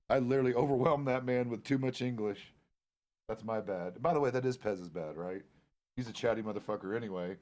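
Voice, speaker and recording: A man's voice: mid-range voice, moderate pace, pauses often, darkish tone. A middle-aged man, a roleplay streamer, chatting out of character in a laid-back, rambling, profane way. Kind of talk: casual out-of-character chat.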